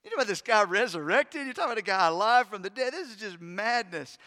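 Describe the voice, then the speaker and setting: A man voicing an angry, scornful Roman governor who shouts him down. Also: sits high, lively intonation, quick pace. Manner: loud and shouting. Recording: long hall reverb.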